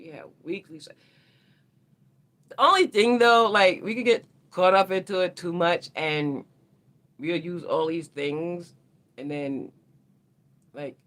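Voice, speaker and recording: Woman, livestream astrology host, casual and rambling, gravelly with a sharp brightness. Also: deep voice. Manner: slangy, rambling, talks straight to viewers.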